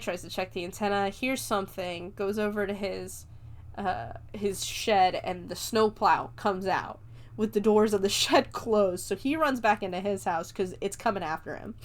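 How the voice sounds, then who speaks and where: Laughing, chatty woman podcast host. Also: medium pitch. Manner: chatty, laughs often, swears casually. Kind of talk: casual movie review chat.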